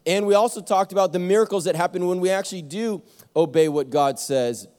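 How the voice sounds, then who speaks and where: A man preaching a Sunday sermon as pastor, telling stories in a lively way with self-mocking jokes and quick restarts. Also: high-pitched. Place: church sanctuary. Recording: long church hall reverb.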